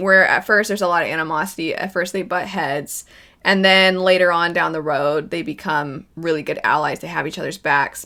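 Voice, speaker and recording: Woman vlogger, bright tone, chatty casual reaction commentary, animated, acts out bits in character voices. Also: sits low.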